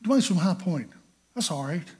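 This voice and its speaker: A middle-aged preacher tells his story in a folksy, homespun way. His slightly high voice has a husky edge, and he acts out scenes with sudden loud bursts. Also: lively intonation, normal speed. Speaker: pastor. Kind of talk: sermon.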